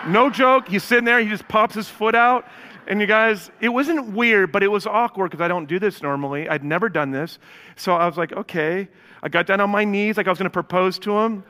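Male pastor, fairly high voice, storytelling sermon, hushed to excited, long hall reverb. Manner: storytelling, addresses congregation directly; swings from hushed to loud and excited.

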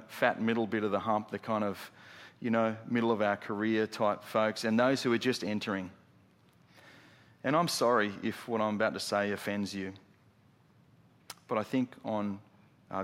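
Middle-aged male pastor, mid-pitched, emphatic sermon delivery, long church reverb. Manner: emphatic, rhetorical questions, swings from loud to hushed.

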